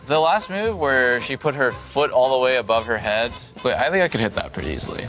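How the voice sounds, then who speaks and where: A man's voice: mid-range voice, animated, brisk, a bit bright, soft background music. A man in a comedy sketch, complaining dramatically and mocking himself.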